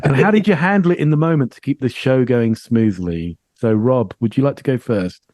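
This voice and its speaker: A man's voice: mid-range voice, a little fast, darkish tone, no room sound, clean studio sound. A man hosting a podcast, asking interview questions and stumbling over his words. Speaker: podcast host.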